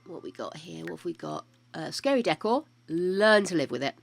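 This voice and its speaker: A woman's voice: lowish voice, very animated, normal speed, creaky, no room sound. An older woman streaming a life-simulation game, chatting casually to her characters and her viewers, with the odd bit of mild swearing. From United Kingdom.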